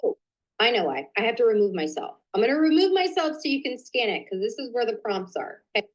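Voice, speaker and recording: A woman hosting a live online business training, chatty and excitable, talking to viewers and muttering to herself while she fixes her slides. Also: on the high side, fast talker, rough recording. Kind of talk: casual live-stream coaching.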